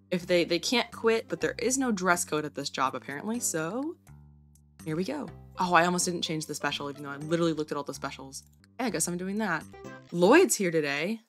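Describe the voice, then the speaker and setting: A woman's voice: medium pitch, fairly bright tone. A woman playing a video game and commenting as she goes, chatting to the characters on screen. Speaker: gaming video creator.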